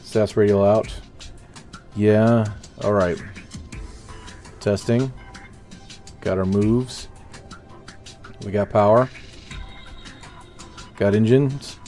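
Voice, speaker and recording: A young man with a low, mellow voice narrates his own gameplay in loose, rambling commentary. He talks himself through each move and answers viewers between tries. Faint music plays behind him. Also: steady tone, very slow, pauses often. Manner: rambling, self-talking, chats with viewers. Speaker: gaming streamer.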